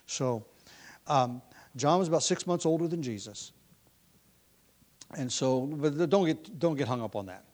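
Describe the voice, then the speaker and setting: A man with a fairly high voice preaching an expository sermon. He reads scripture with emphatic force and then drops into relaxed, conversational asides. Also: a little slow, pauses often. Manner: emphatic, rises in pitch and volume when reading scripture; conversational asides with restarts and light laughs.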